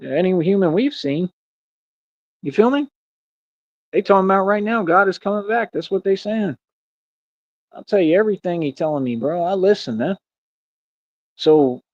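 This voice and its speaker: A man's voice: high-pitched, animated, moderate pace, long pauses, darkish tone, dry recording. Rambling preachy man streaming. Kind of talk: casual livestream rant. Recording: dull, dry lo-fi stream audio.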